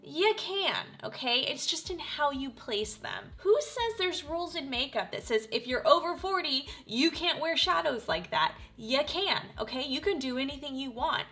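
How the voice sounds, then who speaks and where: A woman in her forties gushing through a casual makeup tutorial, talking straight to her viewers with frequent excited exclamations. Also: high-pitched, moderate pace, hardly any pauses. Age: 40s. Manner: gushing, animated, exclaims often. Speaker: beauty vlogger.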